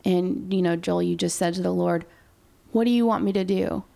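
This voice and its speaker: Woman, podcast host, lowish voice, vocal fry, encouraging tone. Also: fairly even intonation, moderate pace, mellow. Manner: encouraging, addresses listeners directly. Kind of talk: casual faith conversation.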